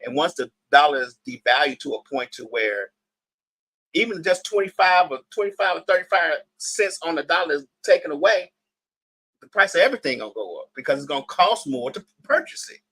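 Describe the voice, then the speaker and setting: A man co-hosting a casual podcast, speaking at an ordinary middle pitch with a bright, gravelly, slightly raspy tone. The sound is dry and close. He chimes in often with quick agreements and stretches into easygoing explanations. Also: animated, no echo, low-quality recording. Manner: frequent short backchannel agreements, casual explanations. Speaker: podcast co-host.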